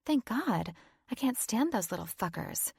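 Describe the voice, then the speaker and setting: A woman's voice: on the high side, sing-song, a little slow, gravelly, breathy edge, dry recording, studio quality, voice pushed up, heavily acted. A woman narrator voicing a brash, pushy young woman friend who teases and demands answers over the phone. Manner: pushy, loud, teasing.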